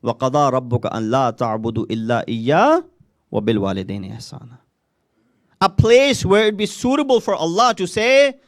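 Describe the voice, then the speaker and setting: A man giving a sermon, mixing English with recited Arabic verses and acting out quoted dialogue with sharp rises on questions. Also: a little high, big pitch swings, racing, no echo, studio quality. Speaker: speaker at a Muharram majlis.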